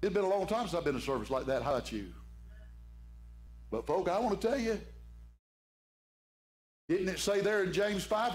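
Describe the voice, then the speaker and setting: High-voiced preacher, echoey church. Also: male voice. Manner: fervent preaching, often says "my friend". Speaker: pastor. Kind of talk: evening sermon. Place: church sanctuary. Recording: echoey church room with faint hum.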